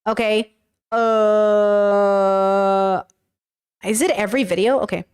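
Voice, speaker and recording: A woman's voice: medium pitch, fairly even intonation, slow pace, a little mellow, clean tone. A woman streamer reacting to videos in casual commentary, incredulous and thinking aloud as she rambles.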